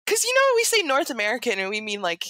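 A woman co-hosting a podcast in casual chat, joking and teasing her co-host in quick banter. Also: a little high, very animated, pushed and bright.

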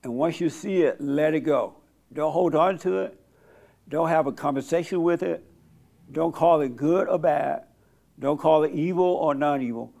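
A man's voice: fairly high pitch, creaky, dark tone. Blunt, plain-spoken male church host. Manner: slow, soothing instructions during meditation. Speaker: host leading a church meeting. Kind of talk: counseling talk and guided silent prayer.

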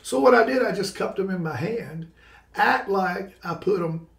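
A man, a podcast guest, telling a personal story with lively, laughing energy and casual exclamations like "bro". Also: high-pitched, normal speed, vocal fry. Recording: roomy sound from a distant mic.

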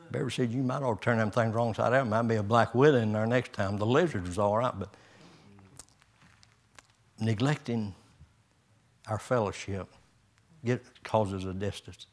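Folksy pastor preaching. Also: male voice, on the low side, moderate pace, long pauses. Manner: homespun storytelling with chuckles and rising emphasis. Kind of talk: folksy sermon.

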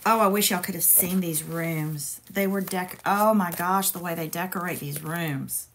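A woman's voice: lowish voice, moderate pace, slight background noise. A woman hosts a casual crafting livestream, chatty and playful, talking straight to her viewers.

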